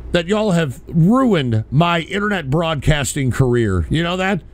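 A man hosting a profane call-in stream, ranting furiously and sometimes shouting. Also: fairly high pitch, very animated, a little slow. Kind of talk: profane live call-in show.

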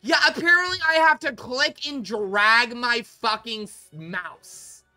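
A woman's voice: a little high, takes it slowly, sharp tone, faint music behind. A woman streaming a game, talking in a frustrated, swearing, exasperated way. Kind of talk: live game stream commentary.

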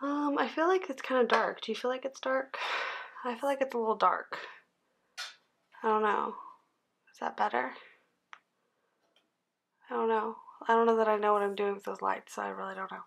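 A tired woman in her thirties chatting casually as she fills in a planner, rambling and dropping into soft asides under her breath. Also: a little high, steady tone, moderate pace, gravelly, pauses often. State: tired, yawning. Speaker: planner vlogger. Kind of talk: casual chat while planning.

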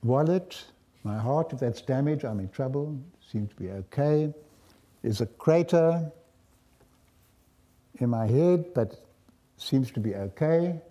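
Older South African man, mellow voice. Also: mid-range voice, animated. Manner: reflective, wry, pausing often. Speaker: guest lecturer. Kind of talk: storytelling lecture.

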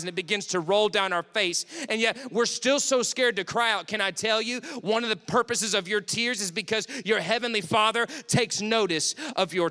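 A man's voice: sits high, sharp tone, clear, resonant tone. A man preaching an impassioned sermon in a church sanctuary, repeating phrases for emphasis. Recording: long hall reverb.

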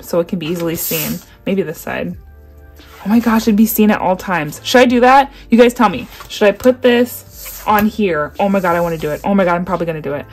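A woman's voice: mid-range voice, breathy edge. Gushing young woman unboxing. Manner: gushing, gasping, repeats "oh my gosh". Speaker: vlogger. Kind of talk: excited unboxing chat.

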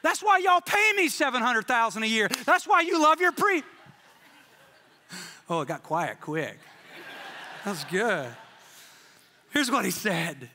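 High, bright-voiced animated pastor. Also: male voice, slow, long pauses, in a large hall, a little hiss or hum. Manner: animated, jokey storytelling with playful quoted voices. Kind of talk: sermon. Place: church sanctuary.

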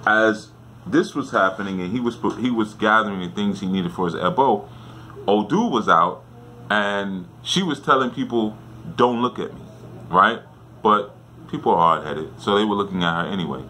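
A man's voice: on the low side, lively intonation, moderate pace, pushed and bright, a little hiss or hum. A man in a casual storytelling lesson, talking conversationally and often checking in with "right?". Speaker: spiritual teacher.

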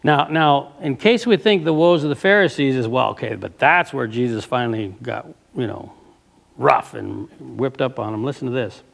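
Reading passages from a book aloud, this preacher pauses to ask his listeners fervent rhetorical questions and comments along the way. His voice is mid-range and gravelly, with lively intonation and a moderate pace.

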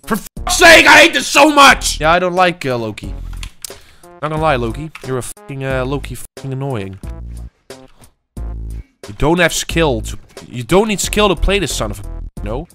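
Young male gaming host, animated and frustrated, mutters and shouts, light music underneath. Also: mid-range voice, moderate pace, pauses often. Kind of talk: gameplay commentary.

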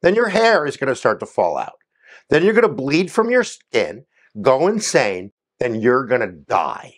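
A man giving a quick history explainer in an energetic, jokey way, with playful asides to his viewers. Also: mid-range voice. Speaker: history educator.

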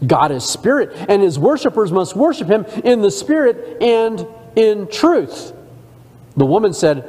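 A man's voice: high voice, sing-song, a little slow, a little mellow, in a large hall. A man teaching a church discipleship class, reading scripture aloud and stopping to comment in a conversational way. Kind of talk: Bible study sermon. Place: church sanctuary.

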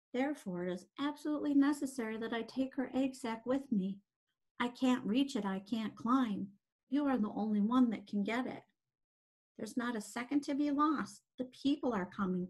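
An earnest, emotional young pig, his storybook lines pitched up high and pleading, as a woman reads him aloud. He comes across fervent and heartfelt. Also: mellow, lightly acted, low-quality recording.

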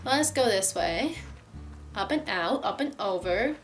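A woman's voice: mid-range voice, lively intonation, measured pace. A young woman giving casual let's-play commentary, chatty and playful, joking at herself and talking to the creatures on screen. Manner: chatty, playful, self-mocking, talks to the game creatures. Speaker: gaming YouTuber. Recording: game music playing behind the voice.

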